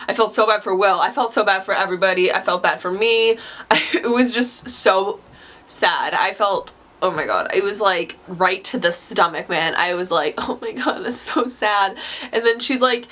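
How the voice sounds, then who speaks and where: A woman's voice: medium pitch, fairly bright tone. A young woman talking casually about a book she loved, chatty and gushing, with lots of "like.". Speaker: book vlogger. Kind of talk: casual book review talk.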